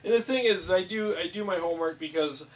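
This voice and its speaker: A man hosting a casual chat about guitar amp settings in a small studio room, upbeat and quick to laugh. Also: high voice, recorded from a distance, crowd noise, low-quality recording. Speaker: host.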